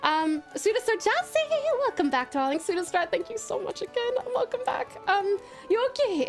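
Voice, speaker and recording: High-pitched aussie woman on a live stream, giggly, calls chat sweetheart, faint music behind. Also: expressive, a little slow. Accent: Australian. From Tasmania, Australia. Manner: affectionate, giggly, calls viewers pet names.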